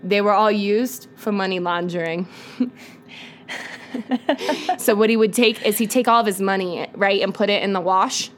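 A woman's voice: medium pitch, fairly even intonation, normal speed, long pauses, fairly bright tone, slight background noise. A young woman hosting a casual true-crime podcast, joking, swearing and laughing between facts. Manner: laughing, swearing, jokey asides. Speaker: podcast host.

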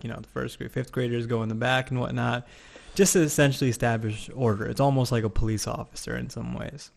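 A young man in casual conversation, recounting a childhood mishap with plenty of energy. His pitch sits in an ordinary middle range, and he slips into little voices when he quotes people. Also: vocal fry. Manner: animated storyteller, acts out voices. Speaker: podcast guest. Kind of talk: casual chat, storytelling.

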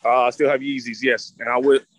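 Quick-talking man in playful banter. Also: medium pitch, flat delivery, no room sound. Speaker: panelist. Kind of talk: casual banter.

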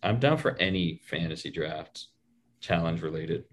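A man on a podcast as a guest in casual chat, joking dryly and animated. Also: sits low, normal speed.

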